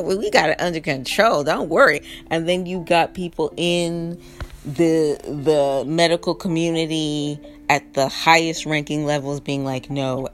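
A woman giving a casual opinion monologue, animated and exasperated, laughing often between points. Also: deep voice. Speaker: political commentator. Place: lives in New York City.

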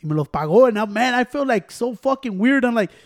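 A man's voice: very high voice, fast, no echo, clean studio sound. A man telling a story in casual chat among friends, swearing a lot and acting out other people's lines. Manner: profane, animated, mimics other people.

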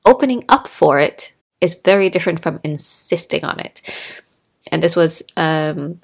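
A chatty podcast host in Norway tells stories in a casual solo monologue, animated, laughing, and acting out quotes. Her voice is low with a gravelly fry, and she speaks at a moderate pace.

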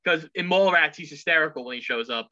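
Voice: mid-range voice, pushed and bright. Chatty podcast co-host. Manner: quick, chatty, quotes movie lines. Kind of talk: casual chat. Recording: dull lo-fi sound.

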